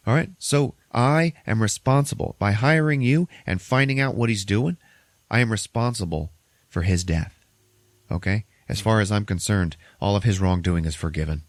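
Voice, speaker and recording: A man's voice: low voice, dry recording, lightly acted. Man doing a distraught boss, emphatic and insistent, dry. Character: distraught male company boss, lecturing.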